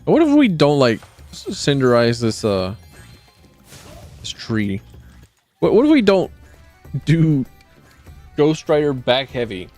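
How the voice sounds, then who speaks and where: Guy streaming a game, lively up-and-down voice, rambly and sarcastic, faint music behind. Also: on the high side, slow, pauses often. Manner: rambling, sarcastic, frequent restarts. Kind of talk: casual gameplay commentary.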